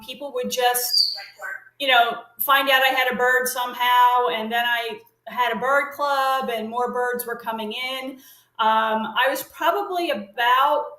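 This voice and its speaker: A woman's voice: sits high, sharp tone, roomy sound, poor audio. A middle-aged woman telling long casual stories as an interview guest, rambling with fillers and restarts. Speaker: guest, parrot consultant. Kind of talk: casual storytelling chat.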